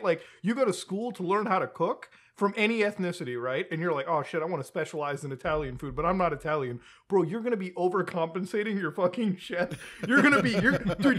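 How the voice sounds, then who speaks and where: Podcast co-host, man, high voice, animated, foul-mouthed, laughs mid-sentence. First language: Hindi. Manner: animated, swears a lot, laughs while talking. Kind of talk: casual chat.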